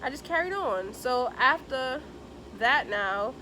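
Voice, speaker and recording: Chatty young woman with a bright voice. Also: high voice, slow pace, a little hiss or hum. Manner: chatty and animated, acts out the people in her story. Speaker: beauty vlogger. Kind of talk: casual storytime while doing makeup.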